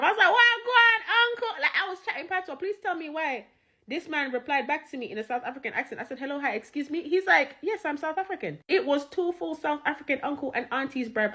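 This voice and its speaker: High-voiced woman telling a story. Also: fast, pushed and bright. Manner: slangy, swears, laughs through the story. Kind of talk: animated storytelling.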